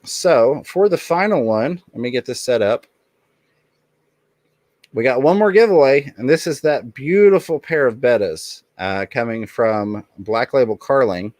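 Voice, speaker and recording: A man's voice: mid-range voice, lively intonation, unhurried, darkish tone, no echo. A man hosting a casual livestream in an upbeat way, reading the chat aloud and thanking viewers. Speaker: livestream host.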